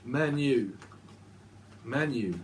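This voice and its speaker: A man's voice: mid-range voice, expressive, very slow, a little hiss or hum. A man giving a casual tarot reading, rambling and repeating words and names as he goes. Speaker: tarot reader.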